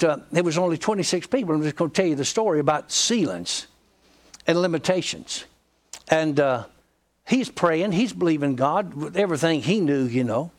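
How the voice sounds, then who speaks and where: A middle-aged man from Georgia with a Southern accent, preaching a sermon with folksy, humorous storytelling. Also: sits high. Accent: Southern American. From Georgia, USA. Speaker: pastor.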